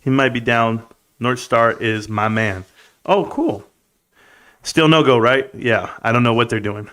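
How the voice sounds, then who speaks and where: A man's voice: mid-range voice, unhurried, a bit bright. A man hosting a casual livestream from a room at home, reading out chat in a laid-back, chummy way and laughing often.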